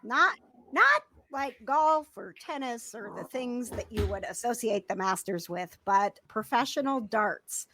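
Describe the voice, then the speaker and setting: Lively high-pitched woman podcast host. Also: a little slow. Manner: animated, laughing storyteller. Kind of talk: casual chat.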